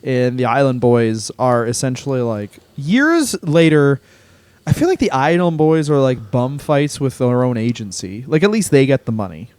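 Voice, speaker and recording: A man's voice: mid-range voice, expressive, moderate pace, a little mellow, no echo. Male comedian, podcast co-host, loose rambling delivery, profane, dry close sound. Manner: rambling, heavy use of "like", swears freely. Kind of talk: casual comedic chat.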